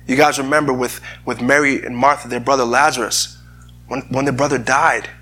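Earnest, husky-voiced male preacher. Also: mid-range voice, flat delivery, brisk, pushed and bright. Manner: earnest, repeats words while searching for phrasing. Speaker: pastor. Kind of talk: sermon with scripture reading.

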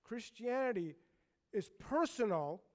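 Male pastor with a high voice, preaching in a conversational, emphatic way. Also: lively intonation, unhurried. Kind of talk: sermon.

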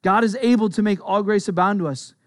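A pastor giving a sermon in an earnest, conversational way, with quick asides. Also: male voice, sits high, no room sound, clean studio sound.

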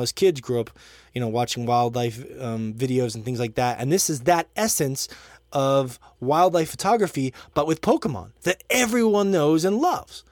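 A man's voice: mid-range voice, darkish tone, dry recording. A man hosting a casual podcast chat, laughing often and reading listener comments aloud. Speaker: podcast host.

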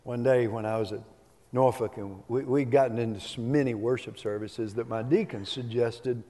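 A man's voice: medium pitch, fairly even intonation, moderate pace, warm tone. A middle-aged male pastor delivering a sermon, telling stories in a folksy, humorous way. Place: church sanctuary. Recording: long hall reverb.

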